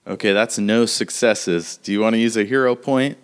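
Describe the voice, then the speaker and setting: A man runs a tabletop game as game master. He narrates casually and fills his talk with fillers. His voice sits somewhat low. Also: steady tone, normal speed, clear, resonant tone.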